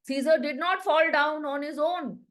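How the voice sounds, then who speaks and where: A woman teacher, her voice sitting a touch higher than most women's. She reads each line of the play slowly, then restates it in plain words for her students, patient and explanatory. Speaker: literature teacher.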